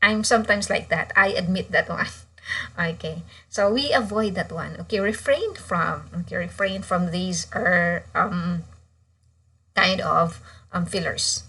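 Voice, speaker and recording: A woman teaching an online class in a slow, bright, clear voice. She explains step by step and keeps pausing on "okay" before each point. She sounds a little distant from the microphone. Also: lowish voice, lively intonation. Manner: frequent "okay" fillers and restarts, explanatory.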